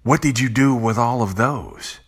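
A man's voice: medium pitch, unhurried, breathy edge, voice pushed up. A man voicing the angel of death as a patient, scolding male figure in a spoken story. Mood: reproachful.

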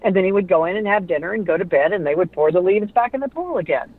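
A middle-aged woman, a radio personality and author, telling lively stories in an interview and acting out the voices of people she quotes. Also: on the low side, fast. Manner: animated storyteller who acts out quoted voices. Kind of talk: conversational storytelling interview. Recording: tinny phone-like line, dry.

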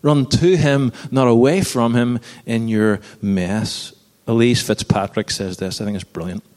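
A man in his thirties delivers a sermon in an earnest, conversational manner, mixing scripture with self-deprecating stories. His voice sits in a middle pitch. The sound carries a long reverb from a church hall. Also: unhurried, a little mellow. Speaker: preacher.

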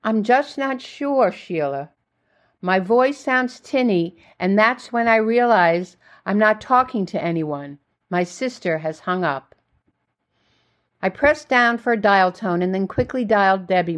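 A woman reading her own memoir in the first person, with measured, reflective storytelling. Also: mid-range voice. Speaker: memoir narrator.

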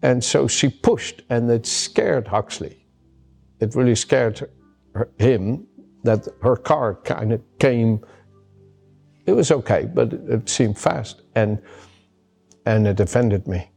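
A man's voice: medium pitch, animated, takes it slowly, vocal fry, darkish tone, breathy edge, soft background music. A man preaching a sermon as a pastor, earnest and emphatic, often repeating his key words. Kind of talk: sermon with personal story.

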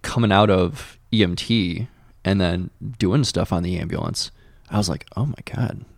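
A man's voice: low voice, normal speed, vocal fry, no room sound, studio quality. A man who works as a paramedic educator, talking casually as a guest. He uses lots of fillers and acts out his own past reactions. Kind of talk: casual conversation.

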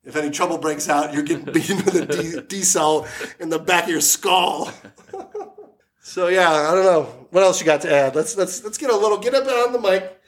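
A man's voice: high-pitched, normal speed. A man hosting a casual sports podcast, joking crudely and laughing often. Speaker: podcast host.

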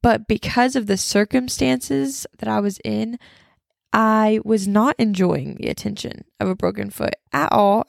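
A woman's voice: medium pitch, vocal fry, no room sound, clean studio sound. A young woman, talking casually about faith and telling a personal story, full of fillers and chatty asides. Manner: chatty, lots of fillers, describes herself as loud. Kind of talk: casual Christian testimony talk.

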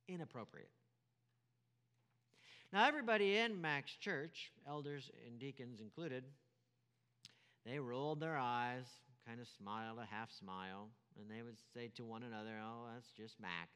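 A man's voice: medium pitch, animated, a little slow, pauses often, sharp tone, smooth, in a large hall. A man preaching a sermon as pastor, emphatic, repeating key phrases and asking rhetorical questions.

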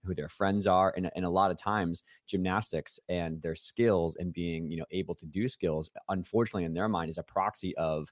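A man hosting a casual podcast interview, chatty and quick with frequent restarts. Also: low voice, steady tone, dry recording, studio quality. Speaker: podcast host.

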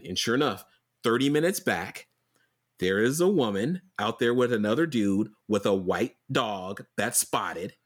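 A man in casual conversation, telling a story with animated energy and a lot of swearing. He talks at a middling pitch, stumbling through restarts and fillers as he goes.

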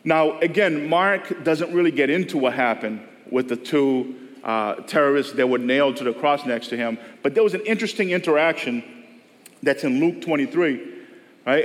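A man's voice: fairly high pitch, lively intonation, moderate pace. A male pastor preaching a sermon to a church service in a conversational style, acting out the voices of people he quotes. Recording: long reverb of a church hall.

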